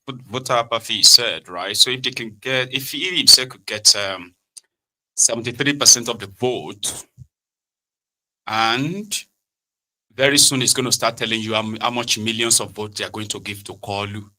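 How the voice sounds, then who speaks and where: A man's voice: lowish voice, normal speed, pushed and bright, poor audio. A Nigerian man hosting a political talk show, chatty and sarcastic, often tagging his remarks with "right?". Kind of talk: casual political commentary.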